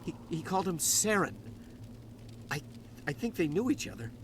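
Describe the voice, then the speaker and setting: A man's voice: sits high, animated, moderate pace, slight background noise. An actor playing a nervous male dock worker and smuggler in a video game, stammering and defensive. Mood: shaken. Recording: game audio with music behind.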